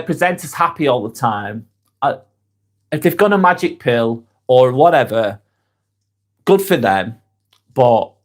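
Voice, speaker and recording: A man hosting a live stream, talking candidly and bluntly, swearing freely and reading out viewer comments as they come in. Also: medium pitch. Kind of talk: casual live-stream chat.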